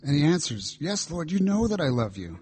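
Husky-voiced man preaching earnestly. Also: a little high, big pitch swings, fairly quick, darkish tone. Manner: earnest, reflective preaching with quoted dialogue. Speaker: pastor. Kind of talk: sermon.

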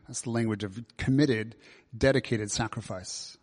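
A man's voice: on the low side, normal speed, a little mellow, husky. Man preaching in a reverberant hall. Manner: conversational, asks many questions. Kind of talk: sermon. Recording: long reverb of a large hall.

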